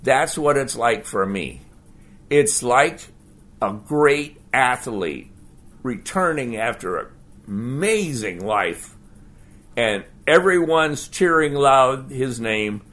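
A pastor preaches a sermon in a conversational, animated way, putting rhetorical questions to the congregation. His voice is medium in pitch.

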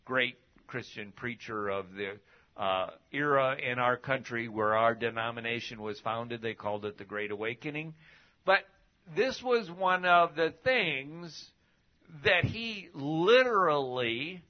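Slow, folksy preacher, a middle-aged man. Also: medium pitch, expressive, dull audio. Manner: folksy, many rhetorical questions. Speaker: pastor teaching a class. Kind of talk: conversational sermon.

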